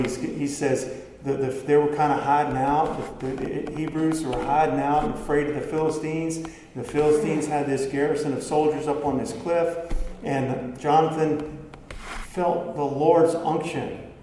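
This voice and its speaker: Speaking to his congregation in an unhurried, mellow way, a preacher with a fairly high voice keeps asking them rhetorical questions, his tone relaxed and conversational. The sound rings out in a spacious hall with a long echoing tail, faint ambience, and slight background noise.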